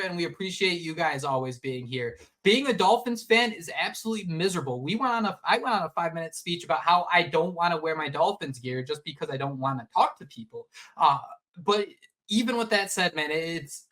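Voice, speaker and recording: A man co-hosting a sports podcast in casual chat, animated and rambling with frequent restarts. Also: a little high. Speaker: podcast co-host.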